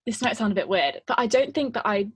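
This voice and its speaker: Bubbly young woman, slightly breathy. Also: medium pitch, expressive, fast talker, no echo. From United Kingdom. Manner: bubbly, giggly, lots of "like". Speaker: guest. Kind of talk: casual podcast interview.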